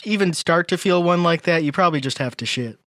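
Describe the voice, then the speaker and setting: A man's voice: on the high side, fast, a bit bright, no echo. A man co-hosting a podcast in casual chat, dropping dry one-liners. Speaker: podcast co-host.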